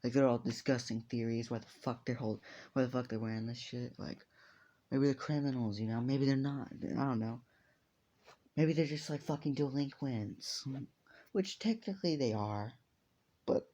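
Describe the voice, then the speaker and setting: A man's voice: medium pitch, normal speed, vocal fry, mellow, dull audio. A man improvising a fan story aloud, rambling and swearing casually as he goes. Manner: rambling, profane, off-the-cuff.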